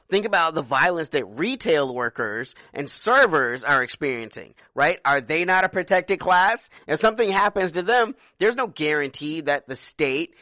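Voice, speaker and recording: A man co-hosting a casual political discussion, talking in an emphatic, animated way with some swearing. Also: on the high side, dry recording. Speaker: podcast co-host.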